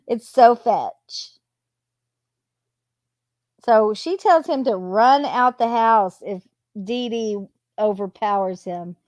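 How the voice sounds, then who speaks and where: A woman's voice: on the high side, darkish tone, dry recording. A woman casually reading out text messages at home, adding sarcastic asides between them. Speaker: true crime commentator reading text messages. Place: home with a cat nearby.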